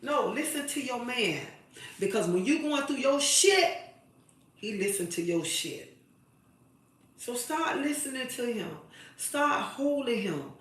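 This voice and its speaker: A woman's voice: fairly high pitch, lively intonation, slow, long pauses, fairly bright tone, far from the mic. A woman hosting a live stream and giving women emphatic, preachy advice, repeating her phrases for weight. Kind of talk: impassioned advice monologue to women. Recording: very echoey room, away from the mic.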